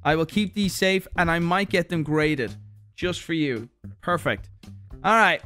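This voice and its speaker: A young man, chatting casually on a livestream as he opens viewer parcels, animated and swearing freely as he reads letters aloud. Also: a little high, measured pace, faint music behind. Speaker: streamer host. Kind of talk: casual livestream unboxing chat.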